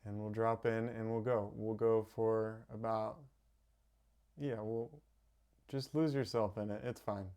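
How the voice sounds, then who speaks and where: A man guiding a live breathwork meditation, calmly giving instructions and softly counting the breaths. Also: lowish voice, smooth. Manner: slow, calm, counting softly. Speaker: meditation teacher. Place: home streaming setup.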